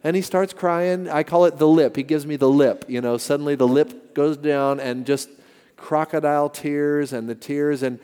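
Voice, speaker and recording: A man's voice: on the high side, normal speed, clear, resonant tone. An older man preaching a sermon, telling stories with emphatic repetition. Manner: animated storytelling with emphatic repetition. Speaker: pastor. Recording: long reverb of a large hall.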